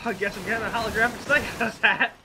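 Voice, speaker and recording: Excitable high bright-voiced man streamer. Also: rapid-fire, faint music behind. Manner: excitable, yells and swears. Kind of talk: casual gameplay chat.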